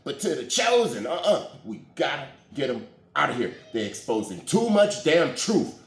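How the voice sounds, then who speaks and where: Man, casual spiritual commentator, slangy and animated, lively pitch, roomy echo. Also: moderate pace.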